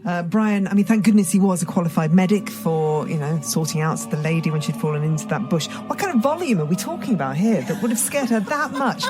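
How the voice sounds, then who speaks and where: A woman's voice: on the low side, lively intonation, fairly quick, few pauses, over music. A woman co-presenting on the radio, chatting in an amused, teasing way. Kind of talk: casual studio chat.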